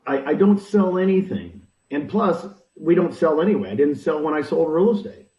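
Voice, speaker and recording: A man's voice: fairly high pitch, very animated, normal speed, dark tone. A man giving punchy advice with rhetorical questions, recorded echoey, distant and dull. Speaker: interviewee, real estate recruiting mentor. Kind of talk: animated advice talk.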